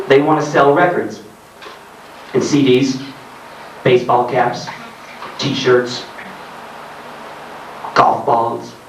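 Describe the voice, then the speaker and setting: A man's voice: mid-range voice, highs cut off, a little hiss or hum. A man giving a comedic reading of his own writing to a live audience, ranting sardonically and laughing at his own jokes. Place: arts centre hall in Germany. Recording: roomy live hall, distant mic, faint ambience.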